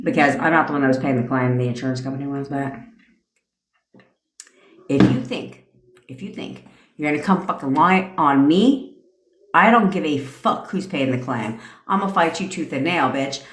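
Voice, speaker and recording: A woman's voice: low-pitched, normal speed, long pauses, a bit bright. A woman hosting a live stream, telling stories in a brash, profane, casual rant. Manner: profane, brash storytelling with frequent laughs. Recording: echoey room.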